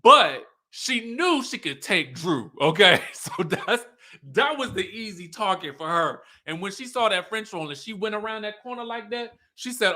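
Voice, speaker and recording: A man hosting a livestream recap of a reality show, sassy and animated, laughing often and talking straight to his viewers. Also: high-pitched, normal speed. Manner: talks straight to viewers, reads their comments aloud.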